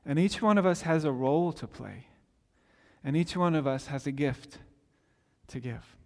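Man in his forties, pastor, sermon, high-pitched, hall reverb. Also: moderate pace, gravelly, darkish tone. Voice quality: conversational, self-interrupting storyteller.

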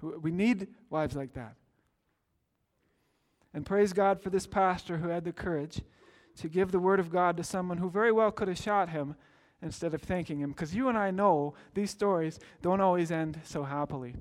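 A man's voice: high-pitched, moderate pace. A man preaching a sermon as pastor, earnest and storytelling, building to emphatic exclamations.

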